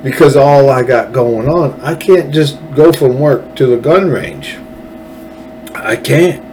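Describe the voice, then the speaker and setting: A man's voice: mid-range voice, lively intonation, slow, darkish tone, slight background noise, poor audio. A man hosting his own podcast, ranting bluntly and heatedly about politics and swearing freely. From Texas. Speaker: podcast host. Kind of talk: angry political rant.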